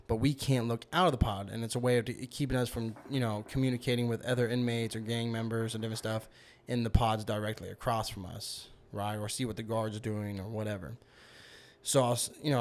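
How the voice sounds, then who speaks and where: A man's voice: fairly low pitch, darkish tone. Man, podcast guest, casual storytelling, rambling, fillers. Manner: rambling, heavy use of fillers like "you know".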